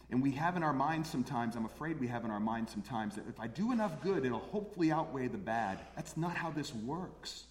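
Earnest pastor preaching in an echoey hall. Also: male voice, medium pitch. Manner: earnest, repeats phrases for emphasis. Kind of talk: sermon. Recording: echoey hall with long reverb.

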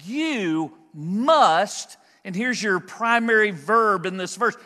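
Guy preaching a verse-by-verse sermon, kinda high voice, leans on words slowly for emphasis, big church reverb. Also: lively intonation, sharp tone. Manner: conversational, emphatic preaching with slow stressed phrases. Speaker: pastor. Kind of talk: expository sermon. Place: church sanctuary.

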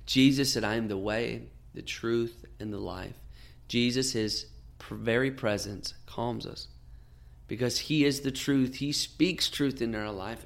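A man in his thirties giving an earnest, gentle devotional sermon as a podcast host, often dropping to soft tones. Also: medium pitch.

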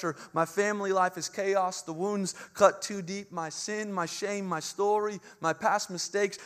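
A man with a high-sitting voice preaches an Easter sermon, earnest and impassioned, repeating points emphatically and swinging between hushed phrases and loud climaxes.

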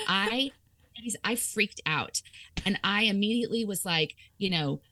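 A woman's voice: medium pitch, measured pace, no room sound. A woman author telling a personal story in conversation, laughing often and acting out her own thoughts. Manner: lively, laughing, acts out quoted thoughts. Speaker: author guest.

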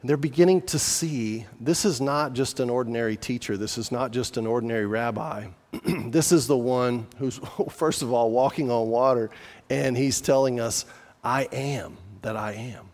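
A man gives a sermon in a relaxed, conversational way, breaking off and restarting his sentences as he talks to the congregation. His mid-pitched voice rings out with a long reverb from a large hall. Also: moderate pace. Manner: conversational preaching with restarts and asides. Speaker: pastor.

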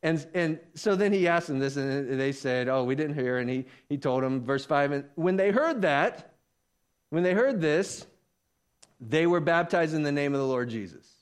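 A man preaching a sermon, animated and acting out the voices of the people he talks about. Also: fairly high pitch, normal speed, smooth. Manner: animated, acts out voices of biblical figures. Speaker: pastor.

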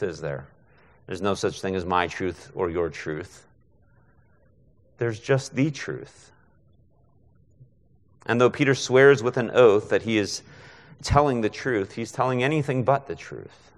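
Low-voiced man preaching in a hall. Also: measured pace, pauses often. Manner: conversational, frequent rhetorical "right?". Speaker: guest preacher. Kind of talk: expository sermon.

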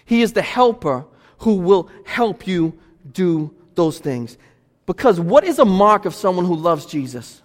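A man preaching as pastor in a church, pressing his points with emphatic repetition. His voice sits high for a man. Long reverb rings off the sanctuary walls. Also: very animated, measured pace. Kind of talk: sermon.

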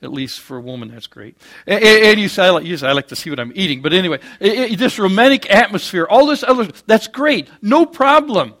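A man preaching a sermon, swinging between loud, emphatic peaks and quiet, low asides, with homely jokes along the way. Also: expressive, fairly quick.

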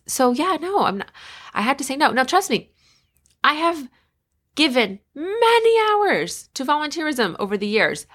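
Middle-aged woman podcast host, bright tone, frank and emphatic, casual monologue. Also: a little high. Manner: candid, conversational, emphatic. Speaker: podcast host and life coach.

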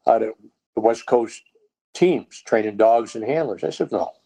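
This Texan man, a dog trainer appearing as a podcast guest, tells a story in casual conversation and animatedly performs the voices of the people in it. His voice is lowish, his pace moderate, and the audio quality is poor.

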